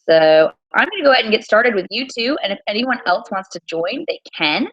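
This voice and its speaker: A woman teacher hosting a casual quiz livestream from her small home, chatty and repeating things slowly. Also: mid-range voice, very animated, fairly bright tone, dry recording, muffled recording.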